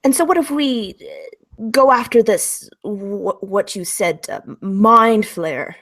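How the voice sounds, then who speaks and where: A woman's voice: medium pitch, expressive, takes it slowly, a bit bright, heavily acted. A woman voicing a hopeful, earnest adventurer who pleads for mercy. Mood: pleading.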